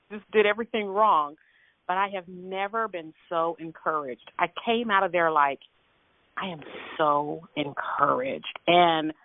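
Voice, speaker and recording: A woman's voice: medium pitch, dry recording. A woman on a coaching call, retelling a conversation with lots of laughter and quoted dialogue. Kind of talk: casual storytelling chat. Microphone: phone. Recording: tinny phone line.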